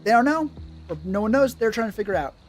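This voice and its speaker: A man's voice: high-pitched, quick pace, faint music behind. A man streaming, chatting casually about running tabletop games, swearing often and answering chat. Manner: profane, animated, rambling, reading chat. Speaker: streamer giving tabletop game advice.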